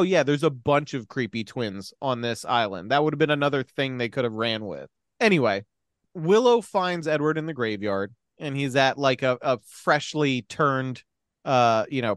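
A man's voice: on the high side, no echo, studio quality. A young man in casual chat, animatedly retelling a film's plot, acting out the characters' lines, swearing and laughing. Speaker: podcast co-host recapping a film.

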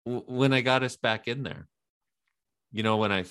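A man in casual chat, telling a story with lots of swearing and jumping into high-pitched quoted voices. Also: normal speed, a bit bright, clear, resonant tone. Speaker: podcast co-host, open mic runner.

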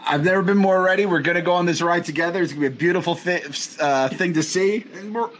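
Excitable dude, high voice, hyped about his team, swears a lot. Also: fast talker. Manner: excitable, swears casually, enthusiastic. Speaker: podcast co-host. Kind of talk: casual sports chat.

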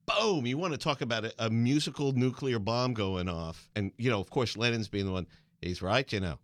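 A male radio host, enthusiastic in a casual interview and quick to laugh. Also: medium pitch, animated, no echo, clean studio sound. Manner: enthusiastic, laughs often, tells anecdotes. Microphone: studio mic.

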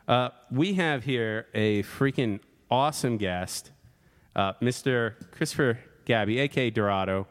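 A man's voice: medium pitch, slow pace, big-room sound. A man hosting a casual podcast chat, playful and jokey, laughing often. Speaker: podcast host. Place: studio in Brooklyn.

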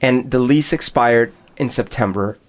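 Animated man telling a story. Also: medium pitch, a little slow. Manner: animated storyteller, acts out both sides of dialogue. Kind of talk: casual chat.

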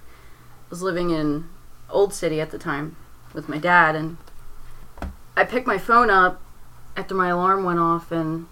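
On a rough recording, a young woman with a fairly low pitch and sharp tone relates a painful personal story. She rambles, fills her speech with "like," and keeps breaking off to restart sentences under strain.

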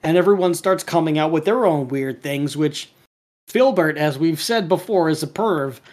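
Guy on a podcast rambling thru a cartoon plot, um and like everywhere, kinda high voice. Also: normal speed, darkish tone. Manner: rambling, many fillers and restarts. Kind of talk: casual chat, retelling a cartoon episode.

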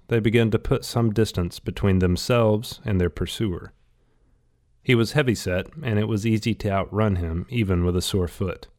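Deep-voiced man narrating a story. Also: a little mellow. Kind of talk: scripted audiobook narration.

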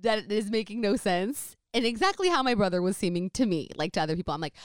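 A young woman casually telling a family story in a rambling, animated way, full of fillers. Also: mid-range voice, fast, few pauses, no room sound, clean studio sound.

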